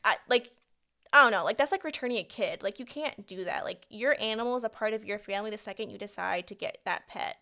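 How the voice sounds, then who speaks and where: A woman's voice: mid-range voice, quick pace, bright, forceful tone. A young woman co-hosting a casual podcast, talking bluntly and animatedly and swearing freely. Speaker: podcast co-host. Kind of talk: casual chat.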